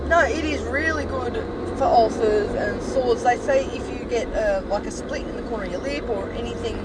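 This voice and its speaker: A woman's voice: a little high, moderate pace, very noisy. A woman with an Australian accent co-hosting a podcast, telling stories and giggling while chatting in a moving car. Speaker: podcast co-host. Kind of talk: casual chat.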